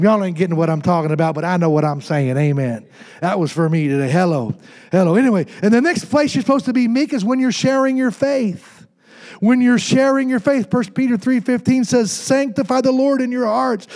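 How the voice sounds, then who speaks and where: A pastor preaching a Pentecostal sermon, calling to the congregation with repeated "hello" and "amen" and building to shouts. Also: male voice, sits high.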